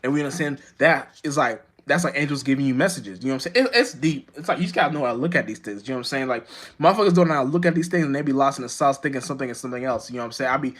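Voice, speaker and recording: A man delivering a rambling, profane spiritual monologue to the camera, full of restarts and constant "you know what I'm saying.". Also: very fast. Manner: jumps high and loud when acting out his own outbursts. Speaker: vlogger.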